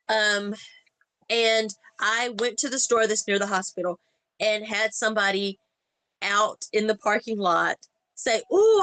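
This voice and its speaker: A woman in casual chat on a podcast, telling animated stories and acting out the people in them. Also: medium pitch, dry recording, poor audio. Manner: animated, acts out quoted voices in anecdotes. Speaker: podcast co-host.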